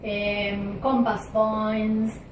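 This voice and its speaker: A woman teaching a recorded English grammar lesson, talking slowly with frequent fillers and "okay?" checks. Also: medium pitch, little pitch movement. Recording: echoey room, distant mic, faint noise.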